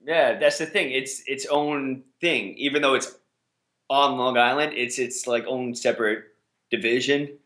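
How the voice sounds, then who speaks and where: A man's voice: medium pitch, steady tone, a little slow, fairly bright tone. A man hosting a podcast, casually reading listener questions and chatting in an easygoing way. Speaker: podcast host. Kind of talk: casual wrestling chat.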